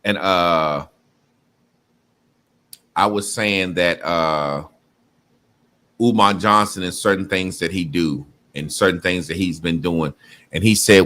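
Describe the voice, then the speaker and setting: A man's voice: sits low, slow, pauses often, a bit bright. A man in casual chat, talking loosely with many fillers.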